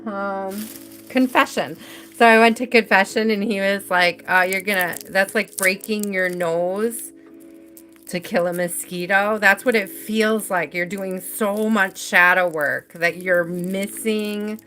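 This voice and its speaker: Bright, chatty woman, casual live tarot reader, rambling and easygoing, light music under her voice. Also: mid-range voice, fairly even intonation, takes it slowly. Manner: chatty, rambling, laughs easily.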